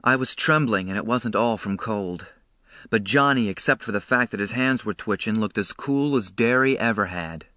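Man narrating a novel with a bright voice. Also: fairly low pitch, moderate pace, no echo, clean studio sound. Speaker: audiobook narrator. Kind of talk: first-person novel narration.

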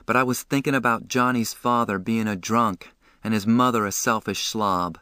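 A man reading a novel aloud as an audiobook narrator, expressive and emotional in the first person. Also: fairly low pitch, normal speed, clean tone, no echo, clean studio sound.

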